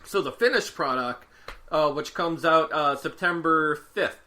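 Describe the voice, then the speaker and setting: A man's voice: on the high side, measured pace. A man co-hosting a podcast, telling stories in casual chat and laughing often. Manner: laughs a lot, animated storytelling. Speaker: podcast co-host.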